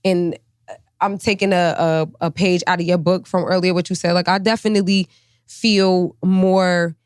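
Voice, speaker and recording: A woman's voice: on the low side, steady tone, normal speed, smooth, no room sound, studio quality. A woman co-hosting a podcast in casual chat, talking in a reflective, open way about herself. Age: adult. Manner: reflective, open, many "you know what I'm saying". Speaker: podcast co-host.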